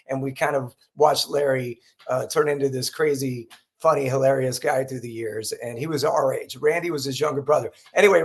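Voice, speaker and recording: Chatty man telling rock stories. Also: on the high side. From Southern California. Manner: rambling anecdotes with quoted dialogue. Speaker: guest, heavy metal singer. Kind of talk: casual interview storytelling.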